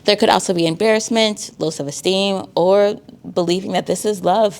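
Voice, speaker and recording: A woman's voice: medium pitch, fairly even intonation, normal speed, darkish tone. A woman, a counselor talking casually about healthy dating, with lots of likes and y'alls. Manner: conversational, uses y'all and filler likes. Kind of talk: casual talk on teen dating safety.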